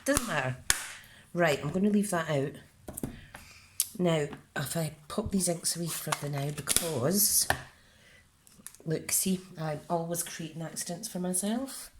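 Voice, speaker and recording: Slow, low-voiced Scottish woman crafting. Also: noisy background. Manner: chatty, talks herself through each step. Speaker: card-making demonstrator. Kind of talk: casual crafting tutorial.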